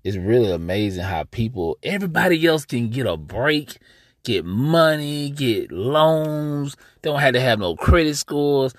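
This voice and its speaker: A man's voice: mid-range voice, a bit bright, dry recording, clean studio sound. A young adult American man with an African American accent, hosting a casual podcast monologue outdoors and talking straight to his listeners. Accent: African American English. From United States. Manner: conversational, addresses listeners as y'all, emphatic. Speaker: podcast host.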